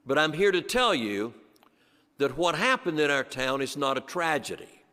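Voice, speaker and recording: A man voicing an earnest older German factory owner with a German accent, speaking slowly and gravely, at times dropping to a hush, with long church reverb. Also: a little high, big pitch swings.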